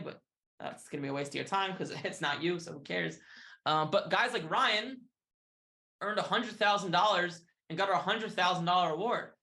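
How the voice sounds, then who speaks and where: A man giving an upbeat, hard-sell sales pitch, often tagging his lines with "right?" and "okay?". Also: pushed and bright. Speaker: sales presenter.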